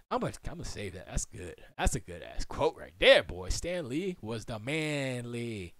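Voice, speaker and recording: A man's voice: medium pitch, very animated, moderate pace, hardly any pauses, fairly bright tone, dry recording. A young man chatting casually on a livestream from his home studio, rambling and muttering to himself as he works on his computer. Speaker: livestream host.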